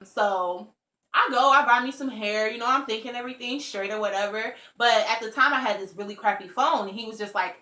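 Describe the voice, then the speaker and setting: A woman's voice: fairly high pitch, fairly quick, sharp tone. A young woman vlogger telling a casual storytime, chatty and full of "like" and "you know". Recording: roomy echo.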